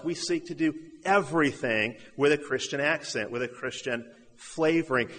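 A man's voice: on the high side, fairly bright tone. Earnest preaching man in a reverberant hall. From southern United States. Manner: earnest preaching, rhetorical questions, repeated phrases. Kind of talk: sermon.

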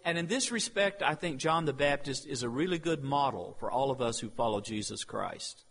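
A man preaching a sermon, slow and emphatic, with dramatic pauses, in a church sanctuary. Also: medium pitch, vocal fry, a bit bright. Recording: long reverb of a large hall.

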